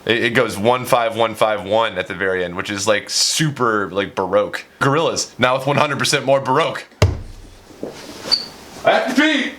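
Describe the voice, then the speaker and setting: A man's voice: fairly low pitch, fairly quick, hardly any pauses, a bit bright, slight background noise. A young man, a music producer, talking casually through his studio session, chatty and self-mocking, with plenty of fillers.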